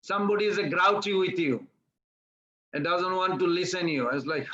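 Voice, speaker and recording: A man giving a devotional sermon, telling a story in an animated way and acting out its characters. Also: high-pitched, moderate pace, dull audio. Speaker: preacher.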